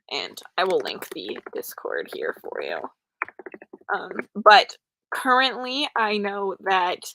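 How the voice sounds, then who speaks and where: A woman's voice: mid-range voice, bright, forceful tone, dry recording. A young woman hosting a late-night livestream, chatting casually with viewers and poking fun at herself. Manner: chatty, self-deprecating, answers chat. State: tired, up late. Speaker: livestream host. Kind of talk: casual live chat.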